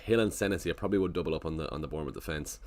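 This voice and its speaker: A man's voice: rumbling low, very fast, a little mellow. A man casually chatting on a live stream, thinking aloud and greeting viewers in the chat. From Ireland.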